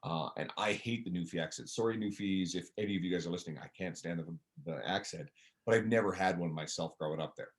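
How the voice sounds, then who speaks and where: Deep-voiced Canadian man in his forties. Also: fast. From Newfoundland, Canada. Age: 40s. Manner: blunt, animated, swears casually. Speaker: podcast guest, personal trainer. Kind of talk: casual podcast conversation.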